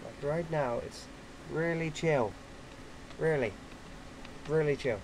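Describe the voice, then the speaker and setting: An excitable man narrating his gameplay into a desktop mic, quick to curse at opponents. His voice sits a touch high and he talks at an unhurried, drawn-out pace. A faint hiss sits under the voice. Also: rough recording. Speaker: gaming YouTuber. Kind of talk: casual gameplay commentary.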